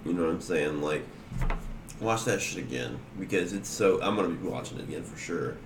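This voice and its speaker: A man's voice: low voice, expressive, a little fast, reverberant, background noise. A man co-hosting a podcast in casual chat, rambling with lots of "like" and "you know what I mean.". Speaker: podcast co-host.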